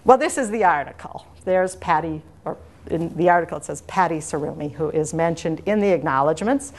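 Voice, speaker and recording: A woman's voice: low-pitched, fairly quick. A woman lecturing to an audience in a lecture room, in a discursive, anecdotal way that wanders into side stories. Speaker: university lecturer. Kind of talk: academic lecture.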